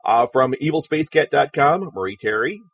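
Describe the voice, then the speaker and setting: A man's voice: mid-range voice, expressive, moderate pace, creaky, a little hiss or hum. A man hosting a webcomics news podcast, making dry, sarcastic asides. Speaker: podcast host.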